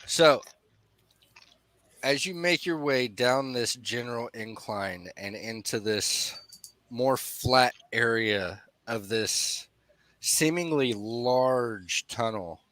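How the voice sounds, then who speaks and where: A young man narrating as dungeon master in a tabletop game, slowly setting the scene for the players. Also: medium pitch, fairly bright tone, dry recording.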